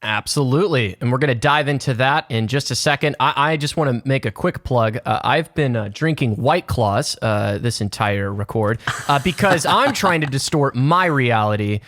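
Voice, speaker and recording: A man's voice: medium pitch, animated, normal speed, hardly any pauses, fairly bright tone, no echo, studio quality. A man in his thirties hosting a podcast, joking and self-mocking in casual chat. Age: 30s. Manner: jokey, playful, self-mocking. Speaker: podcast host.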